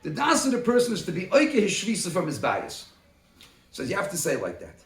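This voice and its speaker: A man leading a Talmud study group who talks through a case by acting out both sides in quick exchanges. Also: high voice, wildly swooping pitch, a bit bright, faint music behind. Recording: roomy, from a distance.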